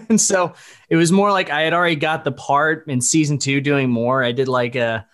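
A man's voice: on the high side, steady tone, normal speed, fairly bright tone. A man from the Dallas-Fort Worth area, a voice actor guest in a casual podcast interview, rambling and correcting himself as he goes. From Dallas-Fort Worth area, USA. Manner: rambling, stop-start, self-correcting, laughs often.

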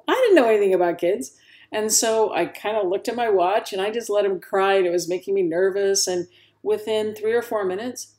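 A woman's voice: fairly low pitch, a little mellow. Upbeat woman podcast host. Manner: chatty and upbeat, acts out quoted voices. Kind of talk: solo podcast monologue.

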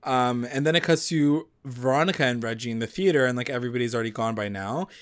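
A man's voice: mid-range voice, fast, no echo, studio quality. A young man in casual chat, animatedly retelling a TV episode, laughing often and swearing. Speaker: co-host recapping a TV episode.

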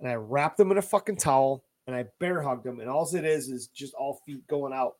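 A man co-hosting a podcast, telling a profane, animated story in casual chat. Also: medium pitch, brisk, no room sound. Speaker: podcast co-host.

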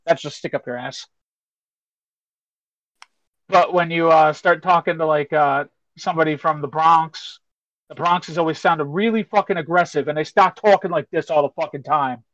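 A man's voice: on the high side, moderate pace, a bit bright, no room sound. A man in casual chat, blunt and wisecracking, swearing a lot. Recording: dull lo-fi sound.

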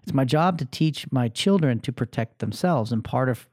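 Man, thirties, animated casual storytelling, mellow tone, dry recording. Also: mid-range voice, moderate pace, dry recording. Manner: animated, acts out voices, many fillers. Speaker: podcast host telling a story.

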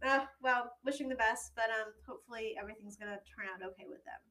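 A young woman co-hosts a casual podcast, her voice bright and sitting a little high. She talks loosely, giggling often and hedging with fillers as she goes. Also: fast talker. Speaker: podcast co-host. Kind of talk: casual chat.

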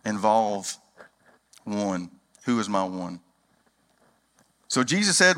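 Man, pastor preaching, folksy storyteller, bright tone, reverberant church hall. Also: fairly low pitch, expressive, measured pace, long pauses. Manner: folksy storytelling, acts out dialogue. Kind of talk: sermon.

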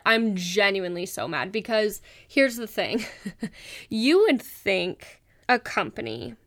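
Twenty-something woman podcasting, super casual and blunt, cusses a lot, laughs a lot, smooth clear voice. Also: mid-range voice, a bit bright. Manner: chatty and frank, swears freely, laughs often. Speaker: podcast host.

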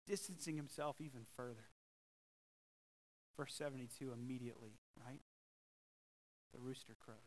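A man preaching a sermon as pastor, emphatic and swinging from loud, stressed lines to hushed ones. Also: medium pitch, normal speed, long pauses, rough recording.

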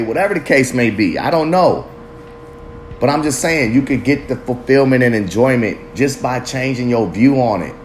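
A man rambles through a solo podcast, loose and profane, drifting between jokes and life lessons. His pitch sits mid-range for a man. A faint hiss of background noise lies under the voice. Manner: loose, profane, street slang, rambling reflective. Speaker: podcast host. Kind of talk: casual solo podcast monologue.

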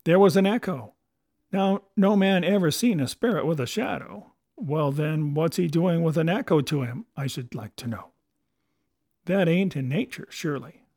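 A man voicing a blustering old one-legged pirate captain who talks in gruff sea-dog dialect. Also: on the high side, normal speed, darkish tone, no echo, clean studio sound. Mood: scoffing.

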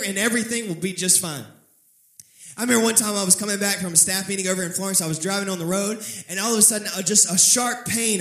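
High-voiced man preaching in an echoey room. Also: fairly bright tone. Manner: preaching with call-and-response prompts to the congregation. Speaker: pastor. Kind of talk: sermon.

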